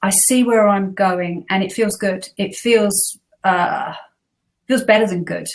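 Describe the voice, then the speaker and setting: A woman's voice: medium pitch, slow. A woman co-hosting a casual spiritual chat, earnest and reflective. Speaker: co-host.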